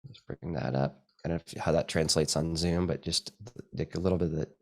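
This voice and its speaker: Low-voiced man, rambling photography talk. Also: steady tone, brisk. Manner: rambling, restarts often, soft-spoken asides. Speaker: photographer presenting his work. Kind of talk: casual talk with slides. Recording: dry event space with live video call.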